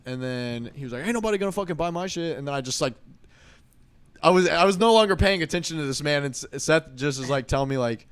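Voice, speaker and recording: Young male podcast co-host, wry casual storyteller, smooth mid-range voice. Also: medium pitch, animated, brisk, fairly bright tone. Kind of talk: casual chat.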